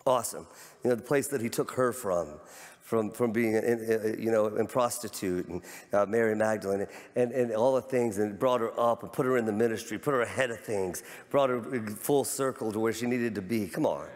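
A man's voice: on the low side, moderate pace. Fervent male pastor in an echoing sanctuary. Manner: fervent, repeats words, rises to near shouts. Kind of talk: sermon. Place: large church sanctuary. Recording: long church hall reverb.

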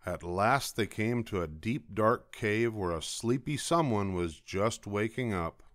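An older man reading a children's picture book aloud as a bedtime story, slow and expressive. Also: lowish voice, dry recording, studio quality.

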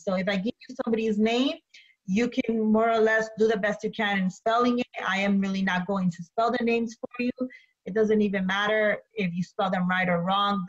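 A woman teacher giving an online English lesson, slowly repeating instructions and then reading a story aloud. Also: medium pitch, dull audio. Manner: slow, deliberate, repeats instructions.

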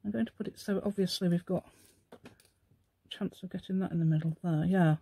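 A woman's voice: lowish voice, steady tone, moderate pace, vocal fry, mellow, husky. Chatty woman in a mock-posh voice. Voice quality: playful put-on posh telephone voice. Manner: rambling, chatty, talks to herself while working. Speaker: crafting channel host. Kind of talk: casual crafting demonstration.

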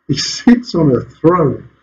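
A male pastor preaching with a fairly high voice that swoops and leaps through each phrase. He drives his points home with rhetorical questions and a quick chuckle. The recording is a bit dull and muffled, with a faint hum of the room behind him. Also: a little mellow. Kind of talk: sermon. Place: church hall.

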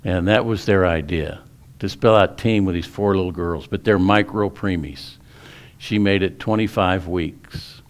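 A man's voice: sits low, measured pace. A male pastor preaching a sermon in a folksy storytelling way, often restarting his sentences.

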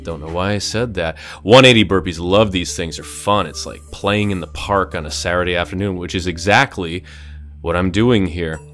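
Man, fitness instructor, low-pitched, jokey, upbeat, faint background music. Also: a bit bright. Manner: upbeat and jokey, coaching through exercises. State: out of breath at times. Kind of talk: workout instruction.

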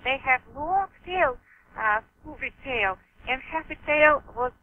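Russian-accented woman, high voice, slow and halting, lots of laughs, muffled lo-fi line. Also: lively intonation, slight background noise. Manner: hesitant, halting, laughs often. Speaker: author guest. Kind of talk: interview answers.

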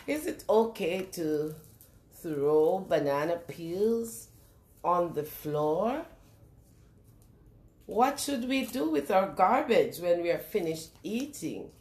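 Animated woman reading to small children. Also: lowish voice, echoey room. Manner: animated, sing-song, asks the children questions. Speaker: children's storyteller. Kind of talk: reading a picture book aloud to young children.

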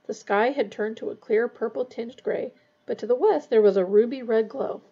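A woman reading a novel aloud in a steady storytelling voice, adding brief asides of her own. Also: a little high, normal speed, breathy edge, muffled recording. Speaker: reader.

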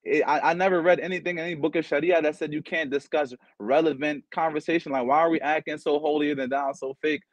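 A man's voice: fairly high pitch, steady tone, fast, hardly any pauses, no echo, lo-fi sound. Emphatic man asking rhetorical questions. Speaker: imam on a roundtable. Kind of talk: panel discussion.

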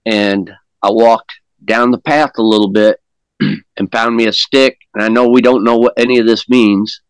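A man's voice: fairly low pitch, flat delivery, moderate pace, clean tone, no room sound, rough recording. A man casually telling a story as an interview guest, plain-spoken and rambling, often repeating words as he goes. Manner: folksy, plain-spoken grammar. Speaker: guest recounting an encounter.

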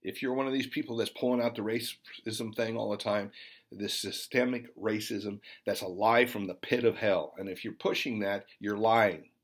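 A male preacher recounts a vision in an emphatic, fervent sermon. His voice sits low and has a husky edge. He drives his points home with insistent exhortation. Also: fairly even intonation, normal speed. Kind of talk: sermon testimony.

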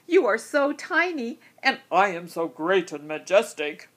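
A grand storybook lion, proud and boastful, his voice swelling loud, as a woman storyteller puts him on. The delivery stays slow and slightly husky. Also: medium pitch, sing-song. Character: proud majestic male lion, later humbled.

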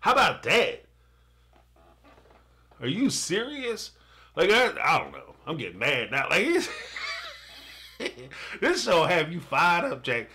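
A man's voice: fairly high pitch, huge pitch swings, slow pace, long pauses, sharp tone. Fired-up man ranting through a reaction. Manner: fired up, ranting and laughing, talks straight at the viewer. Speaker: live-stream reaction host. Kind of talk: animated reaction commentary.

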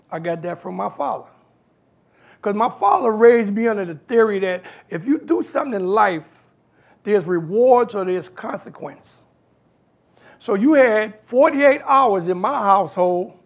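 A high-pitched man with noticeable vocal fry, originally from New York, speaks as a guest. He narrates his life stories animatedly, playing out the voices of those he quotes.

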